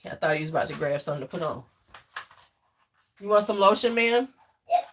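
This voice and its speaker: Speaking fairly quickly in a lowish, expressive voice, this middle-aged livestream host keeps things casual with her viewers. She's blunt, jokey and quick to swear, but she softens into cooing and fussing over a toddler.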